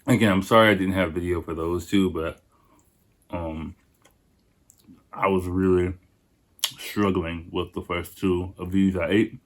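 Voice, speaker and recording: Male podcaster, very deep voice, loose and swearing, rambling food-tasting chat. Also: fairly even intonation, measured pace, pauses often. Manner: profane, rambling, chatty. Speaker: podcast host.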